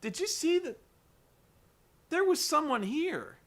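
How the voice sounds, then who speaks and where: A man voicing a baffled young woman wrestler, quickly quoting her startled lines. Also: high voice, wildly swooping pitch, sharp tone, heavily acted.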